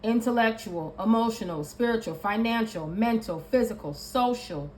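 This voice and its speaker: A woman's voice: a little high, normal speed, darkish tone. Emphatic woman giving a tarot reading. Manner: emphatic and repetitive, listing card meanings. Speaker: tarot reader. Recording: echoey room with faint ambient noise.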